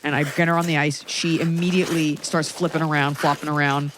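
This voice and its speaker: A woman in her thirties hosts a podcast, her low-pitched voice flat and fairly quick against a noisy background. She tells a comic story with sarcasm and exasperation, dropping in quoted asides in a comedic storytelling chat.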